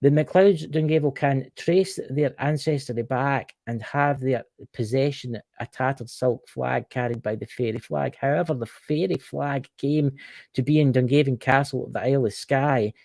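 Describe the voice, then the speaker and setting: Gravelly Scottish man, dry close mic. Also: medium pitch, normal speed, a little mellow, no room sound. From Scotland. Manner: stumbling, jokey, exclaims in mock outrage. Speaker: live stream co-host. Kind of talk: casual chat reading history aloud.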